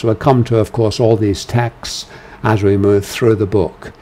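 Slow-paced man teaching scripture. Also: fairly low pitch, little pitch movement, mellow. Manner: measured, with frequent "uh" fillers; gives quoted commands with raised force. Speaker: Bible teacher. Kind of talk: lecture on a biblical book.

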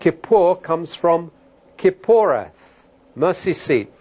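Middle-aged preacher guy, pitch jumps all over when he gets worked up, kinda muffled lo-fi sound. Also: slow, breathy edge. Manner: emphatic, rising to loud animated outbursts. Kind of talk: sermon. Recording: dull lo-fi sermon recording.

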